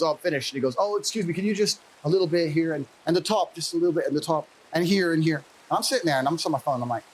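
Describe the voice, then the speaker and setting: A man telling a personal story as an interview guest in a fast, casual, profane way. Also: medium pitch, fairly bright tone, slight background noise, poor audio.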